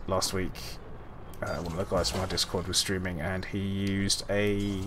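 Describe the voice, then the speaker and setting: A man's voice: sits low, little pitch movement, normal speed, background noise. A man streaming a game and chatting casually while playing, rambling and correcting himself, often laughing. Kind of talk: casual gameplay chat.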